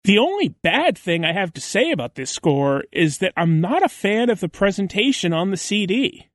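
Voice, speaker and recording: A man's voice: high-pitched, sing-song, normal speed, dry recording. A man co-hosting a podcast in casual chat, enthusiastic and talkative. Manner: enthusiastic, chatty. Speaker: podcast co-host.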